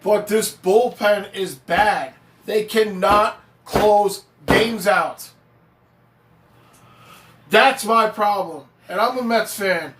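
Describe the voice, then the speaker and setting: A man's voice: high voice, extremely slow, fairly bright tone, slight background noise. A man ranting on a live stream as a fan reacting to a game, swearing freely, getting fired up and reading viewer chat aloud. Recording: echoey room.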